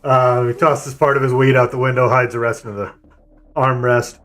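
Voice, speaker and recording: A man streaming and leading an online game raid, telling a story and giving calls in a relaxed, rambling way. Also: medium pitch, normal speed.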